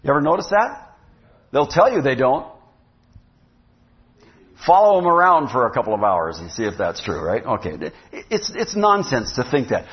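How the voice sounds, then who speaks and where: A man's voice: mid-range voice, very animated, normal speed, pauses often. Conversational male pastor, lo-fi. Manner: conversational, asks the congregation questions. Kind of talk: sermon. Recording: dull lo-fi sound.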